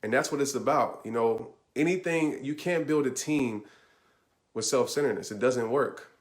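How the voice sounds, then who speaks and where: A man's voice: mid-range voice, moderate pace. Earnest man giving motivational advice. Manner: earnest, repeats "I promise you" and "right?"; conversational, speaks directly to listeners. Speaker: motivational speaker. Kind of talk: motivational talk answering a question.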